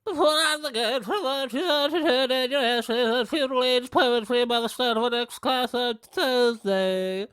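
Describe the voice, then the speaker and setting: A woman voicing a stern female stoat teacher making a brisk classroom announcement. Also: fairly high pitch, a bit bright, smooth, lightly acted. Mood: commanding.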